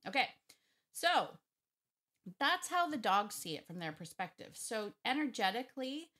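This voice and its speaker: A woman's voice: on the high side, big pitch swings, normal speed, bright, forceful tone. A woman dog trainer talking casually to camera, chatty and emphatic, often digressing.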